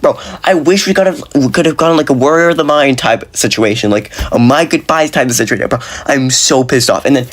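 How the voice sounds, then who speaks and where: A man giving a casual, frustrated video review, talking fast and excitedly with lots of slang and fillers, his voice jumping up when he is exasperated. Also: mid-range voice. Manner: animated, voice jumps up when exasperated. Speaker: movie reviewer.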